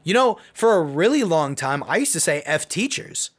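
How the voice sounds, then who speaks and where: A man's voice: on the high side, sing-song, normal speed, breathy edge. A man hosting his own podcast, giving an earnest, rambling personal opinion monologue full of restarts. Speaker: podcast host and youth basketball coach.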